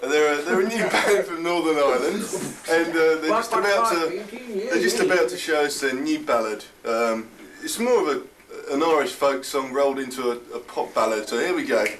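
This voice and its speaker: A man's voice: fairly high pitch, lively intonation, moderate pace, hardly any pauses, a crowd in the background. A teenage boy playing a mock-formal chat show host in an improvised spoof, often breaking into laughter. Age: teens. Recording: home video from far off.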